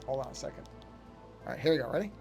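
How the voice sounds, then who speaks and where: A man's voice: medium pitch, expressive, very fast, vocal fry, a little mellow, soft background music. Rambling man streaming while he draws. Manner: rambling, talks to chat, stops often to fix things. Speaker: art streamer. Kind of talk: casual live-stream chat while drawing.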